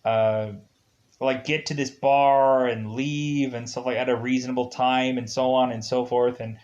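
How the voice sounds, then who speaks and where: A man's voice: mid-range voice, little pitch movement, a little slow, darkish tone, muffled recording. A man with an Upper Midwest accent giving a casual, rambling review of a TV episode, full of fillers and chuckles.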